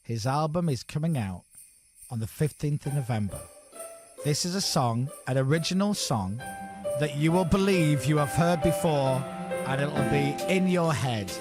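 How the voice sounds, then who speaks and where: A man's voice: on the high side, moderate pace, music in the background. A man hosting breakfast radio chat, telling stories and acting out the voices he quotes. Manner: animated storyteller, acts out quoted voices. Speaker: radio host. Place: radio studio. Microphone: studio mic.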